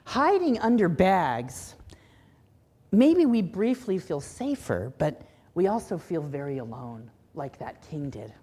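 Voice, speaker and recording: Husky, expressive woman minister. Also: lowish voice, slow pace. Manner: expressive storyteller, then reflective teaching. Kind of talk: sermon with storytelling.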